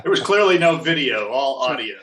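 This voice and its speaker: A man's voice: medium pitch, expressive, fairly quick, a crowd in the background. A man appearing as a returning podcast guest, telling wry, joking stories. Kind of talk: casual banter. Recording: roomy, distant remote mic.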